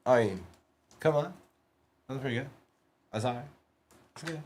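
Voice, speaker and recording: A man hosting a live-stream card break, reading off player names quickly and teasing viewers between bursts of excitement. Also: mid-range voice.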